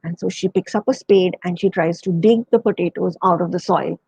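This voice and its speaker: Husky woman storyteller. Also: fairly low pitch, a little fast, no echo, highs cut off. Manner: gentle, retelling with quoted voices. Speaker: storyteller guest. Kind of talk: storytelling for children.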